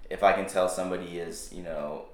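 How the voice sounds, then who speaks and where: A young man with a very deep voice talks loosely as a podcast guest, circling back with fillers and restarts. The sound carries a roomy echo. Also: fairly quick. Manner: relaxed, rambling, many fillers and restarts. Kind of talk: casual chat.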